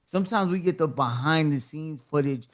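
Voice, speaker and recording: A man hosts a podcast in a fairly high voice for a man. He is enthusiastic and loose, and he talks informally with plenty of filler words as he sets up his questions. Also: normal speed. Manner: enthusiastic, loose and informal, lots of "you know". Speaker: podcast host. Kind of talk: casual interview talk.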